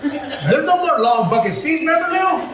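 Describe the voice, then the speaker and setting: A pastor delivers a sermon at a moderate pace with high, lively inflection, teasing his congregation between points. The recording is distant and echoey, as if heard from the back of a church hall.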